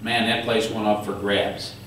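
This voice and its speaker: Speaking a little slowly in a voice on the low side, a man addresses an audience at a political forum. He tells lively stories and performs the officials he quotes. The mic sits far off in a very echoey room, picking up a little hiss or hum.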